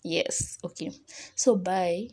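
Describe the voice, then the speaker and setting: Young female podcast host, casual and encouraging, soft mellow tone, lots of filler words. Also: fairly low pitch, takes it slowly, husky. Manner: chatty, heartfelt, encouraging, with many "like" fillers. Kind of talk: casual solo podcast talk.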